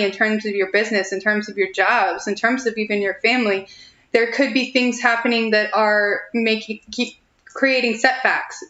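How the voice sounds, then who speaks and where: A woman's voice: medium pitch, fairly bright tone, echoey room, dull audio. A young woman giving a chatty, reassuring tarot reading on a live stream, giggling often between thoughts. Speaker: tarot reader.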